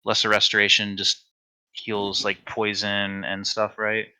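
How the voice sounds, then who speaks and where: A man narrating as dungeon master in a relaxed, hesitant way with frequent fillers. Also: lowish voice, unhurried, rough recording. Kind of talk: narrating a tabletop game.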